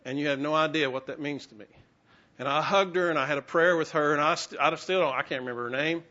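A man's voice: fairly high pitch, fast, pushed and bright. A man preaching a sermon, telling a personal story with self-mocking humor and acting out the voices he quotes. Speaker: pastor. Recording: muffled, lo-fi sermon recording.

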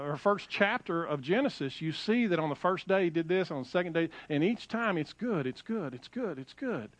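A middle-aged man preaching a sermon, animated and repeating phrases as he quotes scripture. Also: a little high, dry recording. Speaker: pastor.

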